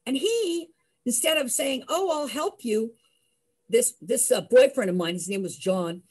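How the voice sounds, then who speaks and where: An older woman telling a personal story in a lively way, acting out the voices of the people in it. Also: on the high side, measured pace, slightly rough. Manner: lively, acts out voices, laughs. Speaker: storyteller host.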